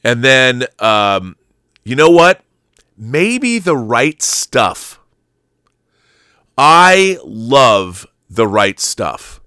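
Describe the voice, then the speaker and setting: A man's voice: mid-range voice, very animated, extremely slow, pauses often, bright, forceful tone, smooth, no room sound, studio quality. A middle-aged man hosting a casual chat, rambling through heartfelt stories with many restarts. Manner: rambling, restarts, emotional storytelling. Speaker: channel host.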